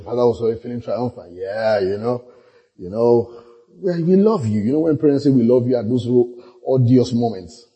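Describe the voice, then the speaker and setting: A man's voice: medium pitch, lively intonation, normal speed, dark tone, breathy edge, dull audio. A middle-aged man, preaching a sermon through humorous personal stories, laughing often and acting out the voices of people in them. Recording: long echo of a large hall.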